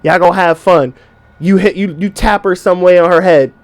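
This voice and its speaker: A young man with a high voice talks straight to his listeners in a loose podcast monologue. He swears freely and slips into voices of the people he describes, and his delivery stays casual and animated. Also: moderate pace. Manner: profane, animated, acts out quoted voices. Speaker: podcast host.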